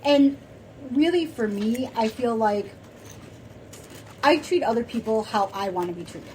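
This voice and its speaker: Soft-spoken rambling woman. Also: fairly high pitch, expressive, a little slow, slight background noise, rough recording. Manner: soft-spoken, rambling with many fillers and restarts. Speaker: podcast co-host. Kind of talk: casual chat.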